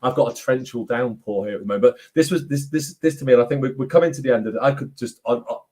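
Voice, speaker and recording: A man's voice: medium pitch, fast, dark tone. A man hosting a casual video-call conversation, rambling and restarting his sentences.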